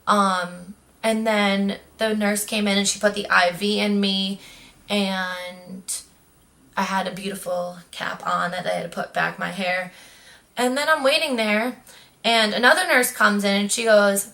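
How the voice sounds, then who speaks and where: A woman's voice: medium pitch, measured pace, creaky. A young woman vlogger telling a personal story in a chatty way, acting out what others said. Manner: chatty, animated quoting of others. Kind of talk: casual storytelling.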